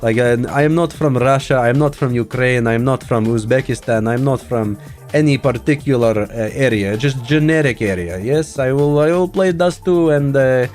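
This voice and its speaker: A man's voice: medium pitch, normal speed, a little mellow, faint music behind, close to an everyday voice. A brash, mock-tough gamer with a put-on generic Slavic accent, as a man hams it up. He talks blunt and cocky, and it comes through a little distant from the mic. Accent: put-on generic Slavic European.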